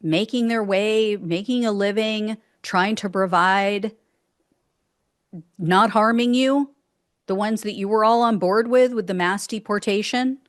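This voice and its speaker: A woman's voice: mid-range voice, measured pace, no echo, studio quality. A woman hosting solo political commentary in an indignant, sarcastic way, with exasperated outbursts.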